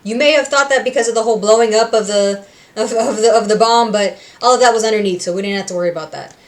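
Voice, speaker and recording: A woman's voice: fairly high pitch, fast. A young woman from Puerto Rico chatting casually and emotionally as she recaps a show for her reaction video, with many fillers.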